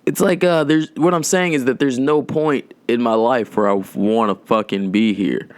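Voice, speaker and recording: A young man hosting a podcast, talking in a loose, rambling way, swearing a lot and making dark jokes. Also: mid-range voice, steady tone, normal speed, smooth, dry recording. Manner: rambling, profane, darkly joking, drawn out. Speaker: podcast host. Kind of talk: casual rambling monologue.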